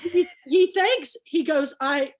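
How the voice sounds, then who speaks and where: Her voice sits high and she takes it slowly. She's a Kansas woman running a book club over video, chatty and full of feeling while relaying past conversations.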